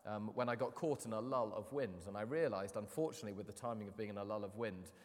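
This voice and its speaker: A man in his thirties preaching a sermon, telling the story with animated, dramatic swings from loud to hushed. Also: fairly low pitch, quick pace. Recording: long hall reverb.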